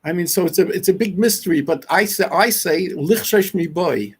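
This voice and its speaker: A male talk show host with a husky voice pitched high for a man. He speaks deliberately and with emphasis, repeating words as he builds each point and puts questions to his guest. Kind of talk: interview questions.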